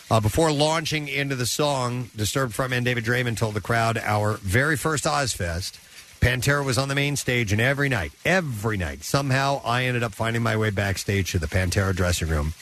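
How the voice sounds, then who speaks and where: Male radio presenter reading music news, casual and mid-pitched, light background hiss. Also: a bit bright. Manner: reads news items, stumbles and laughs with co-hosts. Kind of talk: morning radio show banter.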